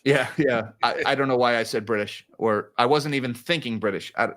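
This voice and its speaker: A man's voice: mid-range voice, fairly quick, a bit bright. A man hosting a casual livestream of market commentary, chatty and given to sarcastic asides. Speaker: financial commentary host.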